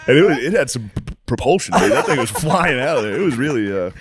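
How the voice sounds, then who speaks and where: A man's voice: medium pitch, very animated, fast talker, noisy background. A man co-hosting a podcast, talking in casual, teasing banter with mock-serious jabs. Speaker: podcast co-host.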